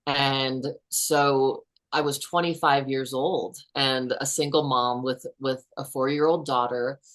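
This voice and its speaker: A woman in her fifties with a notably low voice tells a personal story as a guest author. She speaks in an earnest, unhurried way. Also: steady tone, a bit bright.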